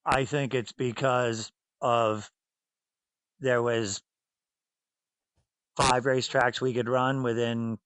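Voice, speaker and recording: Speaking slowly with long pauses, a Boston-accented man in his fifties delivers anecdotes in a flat, medium-pitched voice that's a bit bright and smooth. The audio is dull with no echo. He's a former racer and team owner from New England, south of Boston, blunt in a casual interview, acting out voices.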